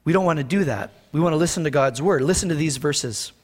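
A pastor with a high voice preaches from the pulpit, speaking to the congregation plainly and earnestly. He slows down to emphasize the scripture he reads, and the church sanctuary gives his voice a long reverb.

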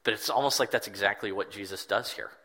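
A man's voice: on the low side, quick pace, sharp tone. A man preaching a sermon in an earnest, reflective way, repeating words for emphasis. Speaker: pastor.

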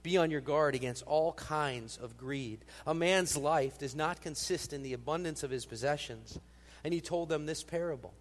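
A man preaching as pastor, expressive, acting out quoted lines with lifted emphasis. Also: a little high, moderate pace. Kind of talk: sermon. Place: church sanctuary. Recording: long reverb of a large hall.

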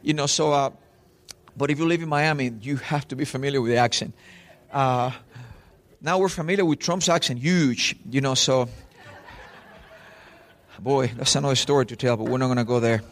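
A man's voice: mid-range voice, brisk, long pauses. A man, a pastor preaching a sermon in church and telling stories straight to the congregation. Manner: animated storytelling preacher, addresses crowd directly.

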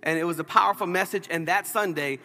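A man preaching a sermon as pastor, telling a story in an animated, playful way. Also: sits high, quick pace, big-room sound. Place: church sanctuary.

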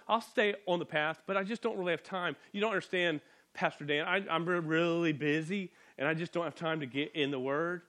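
A man delivers a sermon as pastor, his voice pitched a little high. He talks in an earnest, animated way, often restarting words as he drives home each point.

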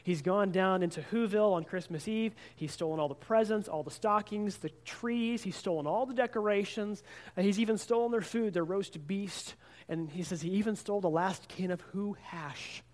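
A man's voice: high voice, normal speed. A man preaching a sermon, telling a story earnestly and often repeating words as he goes. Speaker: pastor.

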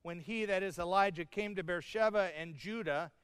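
Here a middle-aged pastor gives a sermon at a normal pace, his high, smooth, resonant voice slightly bright. Humor runs through his stories, and he dramatizes each quote. The mic sound is close and dry, set against a long reverb in the hall.

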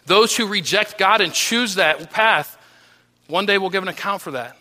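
Pastor mid-sermon, man, high and very bright voice, earnest, with soft low drops on key lines. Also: expressive, normal speed. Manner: earnest preaching with restarts, voice dropping low and soft on key phrases.

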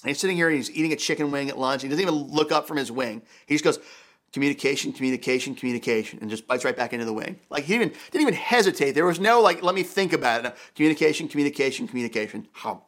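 Male pastor, high voice, emphatic sermon delivery, hammers key lines by repeating them. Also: lively intonation, very fast, few pauses, a bit bright.

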